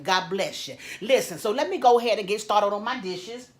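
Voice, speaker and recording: A woman's voice: medium pitch, a little fast, hardly any pauses. A woman chatting with viewers from her home kitchen while doing dishes, in a repetitive, preachy way, calling them y'all and adding amen. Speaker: faith vlogger. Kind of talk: casual chat with viewers while cleaning. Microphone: camera propped up and moved around.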